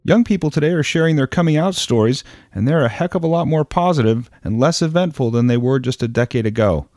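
A man's voice: mid-range voice, expressive, fast talker, darkish tone, dry recording. Dry-sounding male news host. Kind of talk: radio news presenting.

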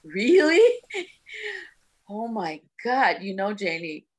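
A woman telling a personal story as a guest, expressive and laughing, acting out the voices of people in it. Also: medium pitch, slow pace. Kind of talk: personal storytelling in a panel conversation.

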